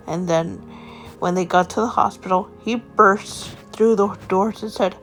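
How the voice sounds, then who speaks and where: A woman's voice: mid-range voice, steady tone, measured pace, soft background music. A woman casually narrating an improvised story in a rambling, home-made way.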